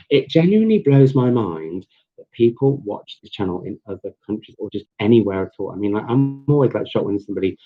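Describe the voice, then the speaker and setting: Young male host for a casual live stream, low-pitched, rambling with ums and restarts, recorded through muffled webcam audio. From England. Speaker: book vlogger hosting a live chat.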